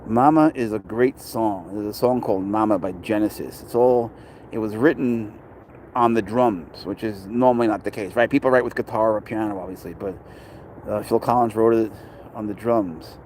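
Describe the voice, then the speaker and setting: A man's voice: fairly low pitch, normal speed, darkish tone, a little hiss or hum. Chatty New man outdoors. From New York. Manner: rambling, chatty, talks to passers-by and chat. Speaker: pet owner vlogger. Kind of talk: casual chat. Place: outdoors at a city dog park.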